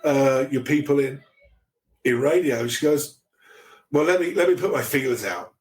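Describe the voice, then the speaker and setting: Appearing as a guest on a podcast, a middle-aged man relates a casual story in a darkish, mid-range voice, frequently stammering and starting his sentences over.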